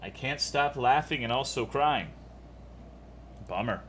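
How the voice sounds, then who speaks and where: A man's voice: mid-range voice, unhurried, a bit bright, a little hiss or hum. A man streaming live, greeting his chat in a casual, laid-back way, swearing freely as he reads off viewer names one after another.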